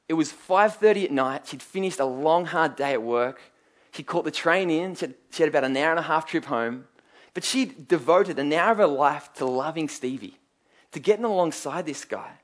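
Earnest male preacher, somewhat high voice. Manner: earnest, emphatic storytelling with rhetorical questions. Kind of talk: sermon.

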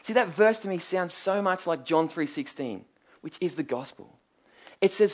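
A man's voice: a little high, slow pace, pauses often, a little mellow. A man preaching a sermon, earnest and emphatic, telling stories and asking rhetorical questions.

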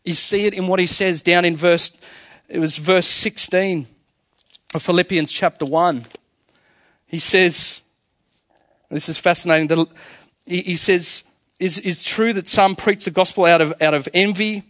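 A man's voice: high voice, fairly even intonation, a little slow, pauses often, a bit bright, no room sound, clean studio sound. A male pastor preaching a sermon to his congregation, emphatic and full of rhetorical questions. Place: church.

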